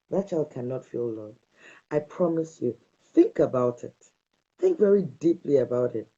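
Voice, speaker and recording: Woman doing a parenting talk, warm husky voice, punchy repeated tips, kinda dull lo-fi sound. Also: low-pitched, big pitch swings, normal speed. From Nigeria. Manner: emphatic, repeats advice as short commands. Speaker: parenting speaker. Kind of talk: direct-to-camera parenting talk.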